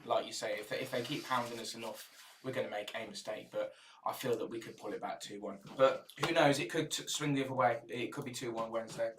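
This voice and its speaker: Relaxed man in a roomy room, off mic. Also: mid-range voice, fast talker, recorded from a distance. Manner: relaxed, rambling, loose phrasing. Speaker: co-host. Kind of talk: casual live-stream chat. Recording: roomy sound, set back from the mic, faint noise.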